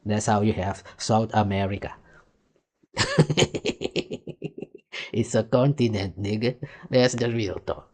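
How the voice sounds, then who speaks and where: Mocking low-voiced man ranting. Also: takes it slowly, pauses often, darkish tone. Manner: mocking, insulting, argumentative. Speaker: commentary host reacting to clips. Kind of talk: heated reaction commentary.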